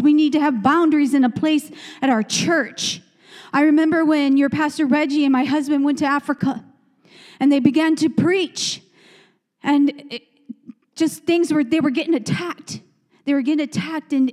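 In a church sanctuary, a woman preacher with a high-pitched, darkish voice delivers a fervent sermon. She repeats emphatic phrases and calls out to the congregation in call-and-response style, with a long reverb from the church hall.

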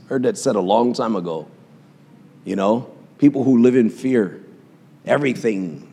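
A man's voice: mid-range voice, expressive, takes it slowly, long pauses, darkish tone, breathy edge, big-room sound. A man preaching a sermon as pastor, impassioned, with call-and-response asides to his congregation.

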